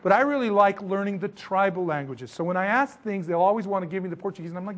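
A man's voice: sits high, quick pace. A middle-aged man preaching in a rambling, chatty way, with self-mocking asides. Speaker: pastor. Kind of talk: sermon with missionary stories.

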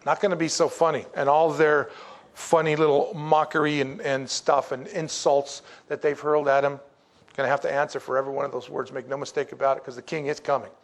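A man with a high voice preaches a sermon in a loose, joking way. He breaks into humor often, then drops low and quiet to drive a point home. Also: little pitch movement, a little fast, gravelly. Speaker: pastor.

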